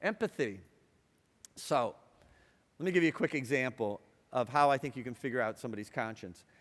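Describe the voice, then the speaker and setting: A middle-aged man giving a lively talk to students, chatty and playful, asking the audience questions and telling stories. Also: medium pitch, a little fast. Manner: conversational and playful, asks the audience questions, acts out quotes. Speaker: speaker addressing students. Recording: long hall reverb.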